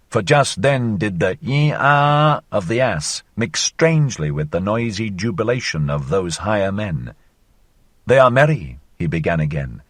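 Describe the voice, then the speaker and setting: Male audiobook narrator, low husky voice, very lively dramatic reading, close dry recording. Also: dry recording. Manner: theatrical, sweeping changes of pitch and loudness. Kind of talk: reading a philosophical novel aloud.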